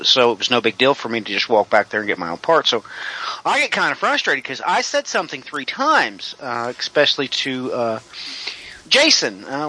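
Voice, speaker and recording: A middle-aged man, a home builder, telling a personal story in an interview, rambling with many drawn-out "uh" fillers. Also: medium pitch, pushed and bright, low-quality recording.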